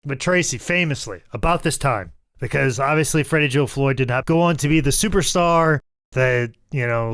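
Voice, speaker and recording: A man's voice: medium pitch, fairly bright tone, smooth, no echo, studio quality. A man co-hosting a podcast, telling stories casually, swearing freely and acting out quotes. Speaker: podcast co-host. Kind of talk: casual storytelling chat.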